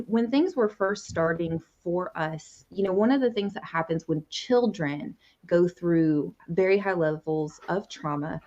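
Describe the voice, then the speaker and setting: A woman guest, a conversation coach, telling a personal story in an earnest, reflective way. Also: fairly low pitch. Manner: earnest, reflective, often quotes past conversations. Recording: muffled lo-fi audio.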